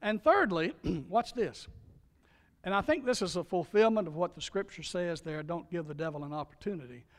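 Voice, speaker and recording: A middle-aged man preaches as pastor and chaplain, his high voice expressive and moving at a moderate pace. He is emphatic, directs questions at the congregation, and alternates between loud exhortation and soft, quiet moments, recorded with a large hall's long reverb.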